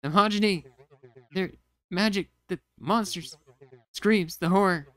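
A man putting on the high, yelling voice of a frantic male ship captain, reading game dialogue aloud. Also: racing, clean tone, close to an everyday voice. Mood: panicked.

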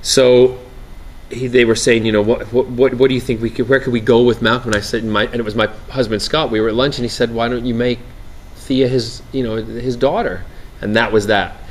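A man being interviewed on set about his acting role, animated and laughing, often restarting his sentences. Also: medium pitch, fairly quick, a little hiss or hum. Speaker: actor interviewee. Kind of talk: press junket interview. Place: outdoor TV set, press line.

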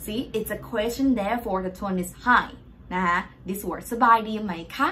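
A young woman with a Thai accent works through viewers' questions as a language teacher. She explains step by step, patient and polite, in a voice of ordinary pitch for a woman. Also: racing, pushed and bright, a little hiss or hum. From Thailand. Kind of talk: Q&A language lesson.

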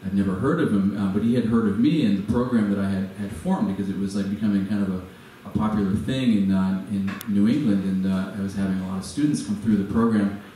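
A man in his forties tells a story to an audience, pausing often with fillers and restarts. His voice is lowish and mellow. He is recorded from a distance in a very echoey hall with faint background noise. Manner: hesitant, many fillers and restarts. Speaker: guest speaker. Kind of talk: storytelling talk. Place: venue with a live audience.

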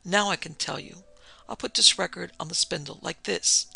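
A woman reading the part of a calm, scheming male killer who speaks quietly and mockingly. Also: on the low side, moderate pace, gravelly, husky, full character voice.

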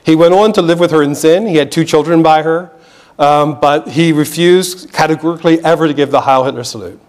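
A man's voice: on the high side, brisk, darkish tone. An American man giving a public history lecture in an earnest, explanatory way, often restarting phrases and checking in with the audience. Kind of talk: museum lecture. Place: lecture hall.

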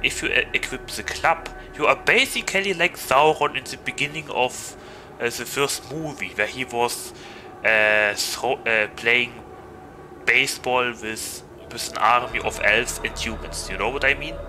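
Over soft background music and a low-quality recording, a man with a German accent jokes casually with viewers during a gaming livestream as a VTuber. He speaks at a measured pace in a mid-range, bright voice with a forceful tone.

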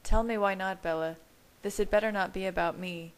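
A woman's voice: mid-range voice, steady tone, brisk, close to an everyday voice. A woman voicing an intense, yearning young man who speaks with earnest passion, in a fan-read storybook. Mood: demanding. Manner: earnest, impassioned.

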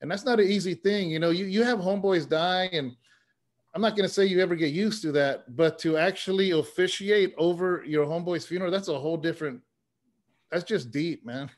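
A man with a somewhat higher voice tells long personal stories in a relaxed interview. He sounds earnest and plain, and he drops "man" and "you know" into his sentences as he builds to his point. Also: fairly quick. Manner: earnest, story-driven, says "man" often. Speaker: interview guest, pastor and former rapper. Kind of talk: conversational storytelling.

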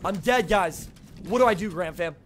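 A man's voice: high-pitched, moderate pace, slight background noise. A young man streaming a video game live, chatting with his viewers, greeting them by name and repeating himself when flustered. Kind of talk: live gameplay commentary to chat.

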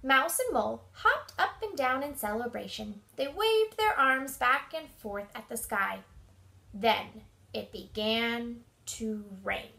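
A woman reads a children's storybook aloud with an expressive, animated delivery. Her high voice moves slowly, with a bright, clear tone and plenty of rise and fall. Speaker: storybook reader. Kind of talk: reading a children's book aloud.

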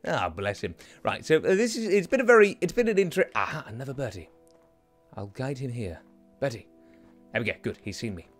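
A man's voice: mid-range voice, wildly swooping pitch, fast, soft background music. A young man giving chatty, rambling gameplay commentary as a let's play host, talking to the creatures in his game. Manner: chatty, rambling and self-mocking.

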